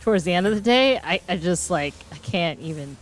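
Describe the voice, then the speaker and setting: A woman streaming a game and chatting casually with a friend, playful and teasing, her voice a little hoarse. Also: lowish voice, expressive, a little fast, faint music behind. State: voice getting hoarse. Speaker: livestreamer. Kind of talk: casual chat while gaming.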